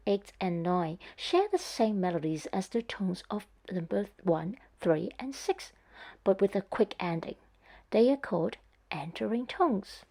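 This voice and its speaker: A woman delivers a scripted lesson at an unhurried pace. Her voice is mellow and a little breathy. She speaks carefully, sounding out each tone. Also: mid-range voice. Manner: slow, careful, demonstrating tones. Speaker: Cantonese teacher.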